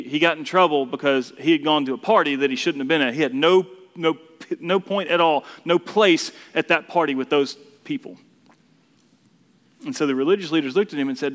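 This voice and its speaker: A man's voice: a little high, a bit bright. A man preaching a casual, conversational sermon, often repeating words as he builds each point. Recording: long reverb of a hall.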